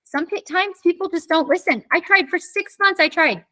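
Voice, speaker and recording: A woman teacher with a high-ish, bright, forceful voice, giving a casual live online lesson. She talks in a chatty, animated way, peppering her speech with fillers and asides as she tells stories. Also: brisk. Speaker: government teacher.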